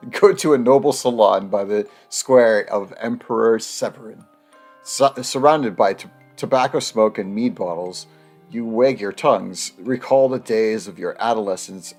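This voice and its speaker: A man's voice: lowish voice, moderate pace, a little mellow, faint music behind. A man reading out a story game's text in a let's play, breaking into jokes and laughter. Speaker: gamer reading the game text aloud. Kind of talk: let's play narration and banter.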